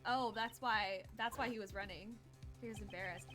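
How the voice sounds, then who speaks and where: A woman's voice: medium pitch, normal speed, over music. A woman streamer chatting casually and laughing as she plays through a game. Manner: bubbly, laughing asides. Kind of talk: casual let's-play commentary.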